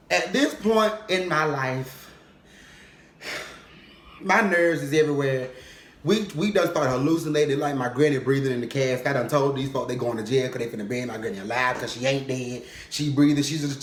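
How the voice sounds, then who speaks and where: A young man telling a funny personal story in casual vlog style, animated and comic, often checking in with "okay?". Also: fairly high pitch. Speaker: vlogger. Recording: roomy echo.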